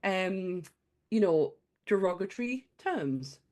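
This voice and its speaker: A woman co-hosting a podcast in casual chat, excitable and quick to giggle. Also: mid-range voice. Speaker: podcast co-host.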